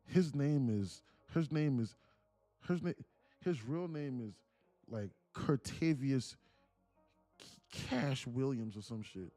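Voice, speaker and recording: A man's voice: medium pitch, expressive, a little slow, dark tone, soft background music. A man hosting a livestream, rambling and joking casually in a loose rant. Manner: rambling, joking, laughs often. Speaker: day trading livestreamer.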